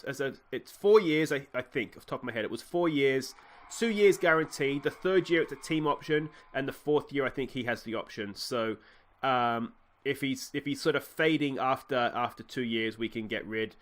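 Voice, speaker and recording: A young Australian man giving rambling commentary on his baseball game, getting excited on big plays. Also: mid-range voice. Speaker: let's play host.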